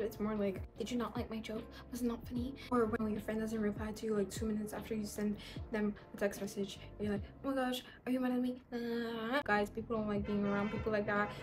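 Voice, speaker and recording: A woman vlogger giving friendship advice in a chatty, sassy way, speaking in a put-on accent. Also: on the high side. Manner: chatty and sassy, addresses viewers as "guys". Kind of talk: casual advice vlog.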